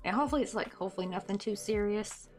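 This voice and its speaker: A woman's voice: medium pitch, very fast, faint music behind. Chatty Southern American woman streaming. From United States. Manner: rambling, chatty, full of "like" and "um", reads out chat comments. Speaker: live streamer crocheting. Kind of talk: casual live stream chat.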